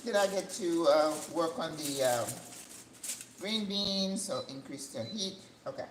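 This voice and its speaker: An older woman hosting a cooking channel, chatting casually as she cooks in her home kitchen, rambling and breaking into excited high notes. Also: a little slow. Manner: chatty, rambling, with sudden excited jumps in pitch. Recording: echoey room with faint background hum.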